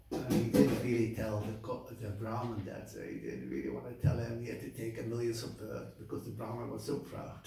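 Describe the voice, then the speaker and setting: A man giving a temple class as an animated storyteller, acting out voices and stopping for fillers, recorded from far off in a large temple hall. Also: mid-range voice. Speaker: lecturer at a temple. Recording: echoey hall, mic far off.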